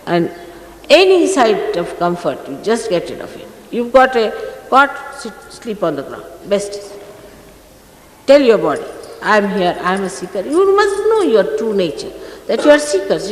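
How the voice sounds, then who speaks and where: A woman's voice: a little high, big pitch swings, normal speed. A woman spiritual teacher giving a stern, scolding talk to her followers, recorded in a large hall. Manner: stern and admonishing, emphatic. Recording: echoey archive recording from a hall, faint noise.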